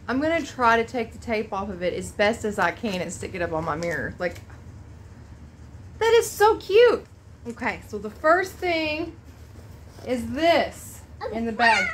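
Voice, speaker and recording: High bubbly woman unboxing stuff, voice swoops all over, kinda teary. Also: a bit bright, slight background noise. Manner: bubbly, gushing, exclaims often. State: emotional, close to tears. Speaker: vlog host. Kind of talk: unboxing vlog chat.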